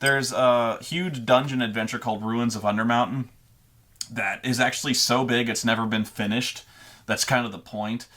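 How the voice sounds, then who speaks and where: A man's voice: fairly low pitch, fairly bright tone. Rambling, profane man telling gaming stories. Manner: rambling, profane, with stammering restarts. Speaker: dungeon master giving gaming advice. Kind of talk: casual unscripted monologue.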